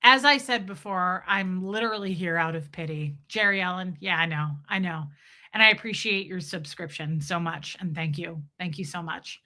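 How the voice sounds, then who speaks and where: A woman's voice: fairly low pitch, moderate pace, pushed and bright. A woman hosting a livestream, chatting casually and reading viewers' comments aloud. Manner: chatty, reads chat aloud, giggly. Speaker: livestream host.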